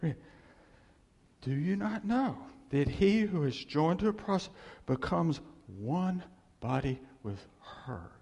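Male preacher, raspy-edged and a touch high, animated, reverberant hall. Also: slow. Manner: animated, acts out God's voice, rhetorical questions. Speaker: pastor. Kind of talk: sermon.

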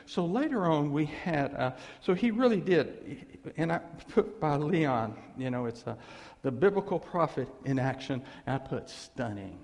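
Gravelly male pastor, middle-aged, folksy rambling sermon, long church-hall reverb. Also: fairly high pitch, expressive, measured pace, darkish tone. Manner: folksy, rambling, laughing asides. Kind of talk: storytelling sermon. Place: church sanctuary.

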